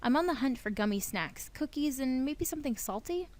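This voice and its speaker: A young woman hosting a let's play, reading a visual novel's narration aloud in a playful, expressive way. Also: high voice, fairly quick.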